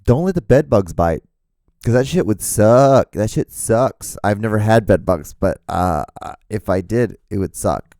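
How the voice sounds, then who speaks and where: A man's voice: lowish voice, lively intonation, unhurried, mellow, dry recording, studio quality. A man hosting his own solo podcast, rambling jokily and swearing freely in a casual monologue. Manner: rambling, profane, jokey. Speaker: podcast host.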